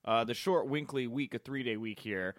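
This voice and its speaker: A man's voice: medium pitch, normal speed, no echo, clean studio sound. A young man hosting a wrestling talk podcast, playful and joking in casual chat with his co-host. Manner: playful and jokey, sings his greeting.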